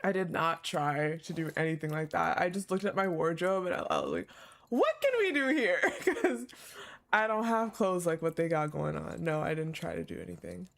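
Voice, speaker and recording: A woman's voice: deep voice, expressive, moderate pace, gravelly. A young woman streaming a game, chatting casually with her viewers, laughing often and swearing freely. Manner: laughs a lot, swears, talks to chat. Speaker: gaming streamer. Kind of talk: casual live-stream chat.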